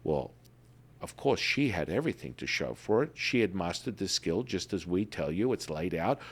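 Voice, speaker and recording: A man hosting a podcast, talking in an emphatic, repetitive way and telling animated stories. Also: sits low, normal speed. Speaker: podcast host. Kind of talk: enthusiastic promotional talk.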